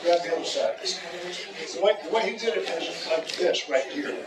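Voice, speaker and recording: A man teaches a self-defense seminar in a large, echoey training hall, joking and repeating words as he talks through demonstrations. His slightly high voice moves at normal speed over a noisy crowd, recorded from far off with loud room noise.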